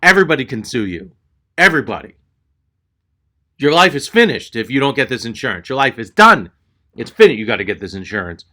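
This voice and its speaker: A man's voice: fairly low pitch, sing-song, racing, bright, forceful tone, exaggerated voice. A man doing a pushy rental clerk lady. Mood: pleading. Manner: insistent, mutters. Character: pushy woman rental car clerk, bossy and blunt.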